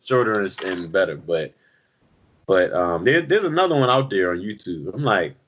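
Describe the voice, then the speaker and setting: A man co-hosting a podcast, chatting casually about music in an animated, slangy way full of "yo". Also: sits low, moderate pace. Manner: animated, slangy, drops lots of "yo". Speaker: podcast co-host. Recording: dull lo-fi recording.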